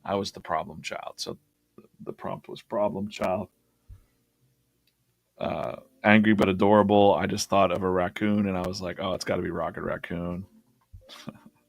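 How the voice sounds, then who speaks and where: A man's voice: low voice, creaky, dry recording. A man hosting a drawing livestream, chatting casually and laughing as he rambles through his past sketches.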